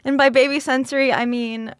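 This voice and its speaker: A woman's voice: high-pitched, steady tone, brisk, smooth. A woman streamer chatting casually with viewers, sleepy and just woken up, laughing often.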